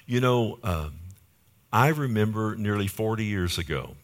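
A pastor preaching a sermon with emphatic repetition, calling out "amen?" to the congregation. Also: male voice, lowish voice, lively intonation, unhurried. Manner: emphatic, repeats key phrases, calls for amen.

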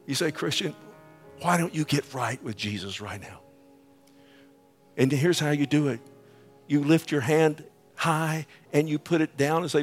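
Middle aged pastor guy preaching, goes loud on the verses then drops to a whisper, soft music under it. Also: measured pace. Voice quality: swings between booming quoted scripture and hushed whispered pleading. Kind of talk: sermon with altar call.

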